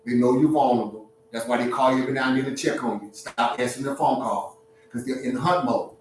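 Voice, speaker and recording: A man hosting a relationship talk, giving blunt, preachy advice to an audience in an animated, streetwise way, laughing at his own points. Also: mid-range voice, fast talker, very echoey, recorded from a distance, slight background noise, rough recording.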